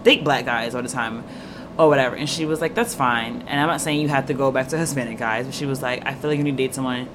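A woman's voice: rumbling low, quick pace. A young woman in casual podcast chat who acts out her stories, putting on the voices of the people she quotes. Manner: animated storytelling, acts out quoted dialogue. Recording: noisy room ambience.

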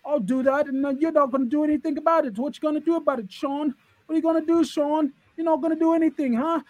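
A man's voice: very high-pitched, steady tone, quick pace, a little mellow, no echo, dull audio, pitched above the performer's own voice. A man doing a cocky taunting wrestler. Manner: taunting, mocking, sing-song. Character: cocky trash-talking male wrestler impression. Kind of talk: comic impression on a podcast.

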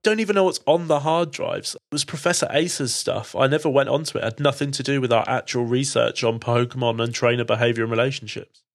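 A man's voice: mid-range voice, quick pace, natural voice. A man voicing a shaken, tearful young woman researcher in a tabletop game. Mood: worried.

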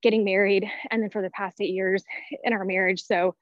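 A woman's voice: medium pitch, little pitch movement, a little fast, dry recording. A woman in her thirties, out of breath, chatting casually as a podcast guest with lots of fillers and restarts. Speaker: guest, personality-type teacher. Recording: dull, dry lo-fi sound.

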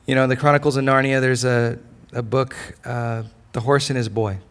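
A male pastor preaching a sermon, swinging between loud declarations and soft, close lines. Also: mid-range voice, fairly even intonation, brisk.

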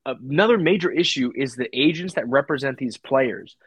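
A man's voice: medium pitch, animated, moderate pace, a bit bright, breathy edge, no echo. A man co-hosting a casual sports podcast, arguing his points with folksy sayings. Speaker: podcast co-host.

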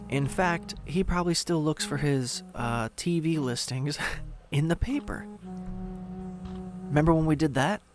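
A man hosting a solo podcast into a studio microphone, casual, rambling and sarcastic. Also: medium pitch. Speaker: podcast host.

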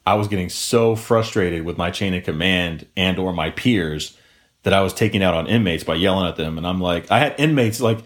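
A man's voice: sits low, fairly quick. A young man co-hosting a podcast, casually telling a long story with plenty of swearing and quoted voices. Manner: profane, animated retelling with quoted voices. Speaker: podcast co-host.

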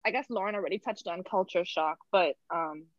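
A woman's voice: fairly low pitch, brisk, music in the background. A woman hosting a casual chat, asking the others questions. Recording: dull, dry lo-fi sound.

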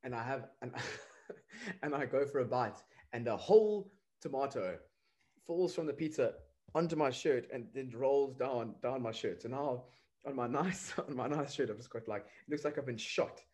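A man, co-hosting a podcast and telling a story in a loose, animated way, laughing between phrases and repeating words. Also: medium pitch, normal speed. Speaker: podcast co-host. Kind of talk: casual chat.

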